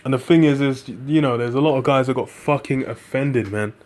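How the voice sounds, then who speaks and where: A man's voice: medium pitch, a little fast, a little mellow. A man preaching in a rambling, casual monologue, full of fillers and profanity, quoting scripture. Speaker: religious group member.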